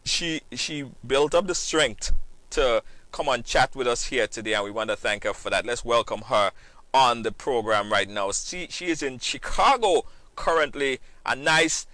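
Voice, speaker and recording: A man hosting a live-stream talk show, animated, repeating phrases and breaking into sing-song shout-outs to viewers. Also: medium pitch, normal speed, no room sound. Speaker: host.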